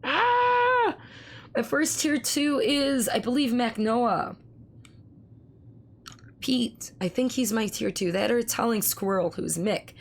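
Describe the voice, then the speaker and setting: A woman streamer in casual live-stream chat, with a hoarse, strained voice, who swears freely and talks back to her chat. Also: a little high, takes it slowly. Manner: chatty, swears freely, reads chat aloud.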